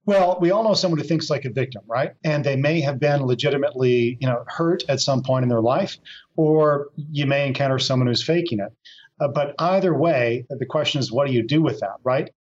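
A man's voice: medium pitch, brisk, lo-fi sound. A man being interviewed about his book over a video call, explaining in a conversational way. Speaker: guest author. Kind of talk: remote interview.

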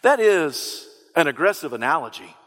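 A male pastor delivers an emphatic, repetitive sermon in a fairly high voice, at times lifting into a sung preaching cadence. His words ring out through a church sanctuary with a long reverb tail. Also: very animated, moderate pace, a bit bright. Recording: long reverb in a large hall.

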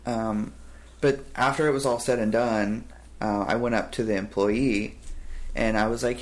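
Animated young trans man telling stories. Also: on the low side, normal speed. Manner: animated storyteller, laughs often. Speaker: podcast host. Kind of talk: casual chat.

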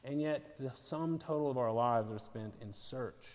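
A man preaching a sermon, earnest and building to emphatic peaks, with quick self-correcting asides. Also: medium pitch, a little mellow. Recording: long hall reverb.

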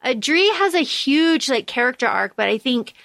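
A woman's voice: sits high, very animated, moderate pace, vocal fry, fairly bright tone, dry recording. A woman co-hosting a podcast, chatting casually about a book, swearing freely and using lots of fillers. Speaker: podcast co-host.

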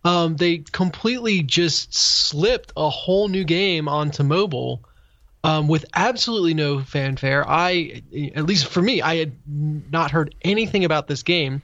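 A man's voice: on the high side, unhurried, a bit bright, no room sound, muffled recording. A man co-hosting a casual tech podcast, rambling through explanations with many fillers. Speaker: podcast co-host.

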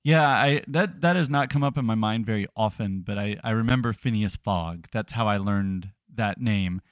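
A man's voice: fairly low pitch, normal speed, dry recording. Rambling man with a dry close mic. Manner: rambling, self-deprecating, frequent restarts. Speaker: podcast co-host. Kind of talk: casual chat. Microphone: podcast microphone.

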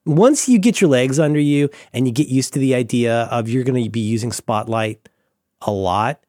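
A man chatting casually about tech as a podcast co-host, excitable and rambling with many restarts. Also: mid-range voice, moderate pace, no echo, studio quality.

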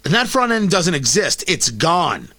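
A man's voice: on the high side, big pitch swings, measured pace, pushed and bright. A man hosting a talk show, giving emphatic, opinionated political commentary that repeats points for effect and adds sarcastic asides.

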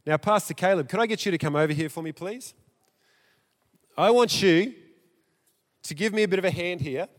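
A man preaching a sermon in a church, theatrical and animated, his loudness rising and dropping. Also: high-pitched, normal speed, pauses often. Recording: echoey church hall.

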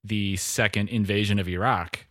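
Dry-voiced sardonic podcast host. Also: male voice, lowish voice, steady tone, normal speed, fairly bright tone, no echo. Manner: sardonic, laughs often. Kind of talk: casual chat.

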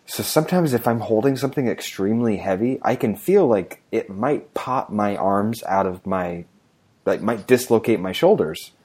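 A man's voice: lowish voice, expressive, normal speed, a little mellow, husky. A man in his thirties co-hosting a podcast, talking in an easygoing casual chat and chuckling now and then. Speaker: podcast co-host.

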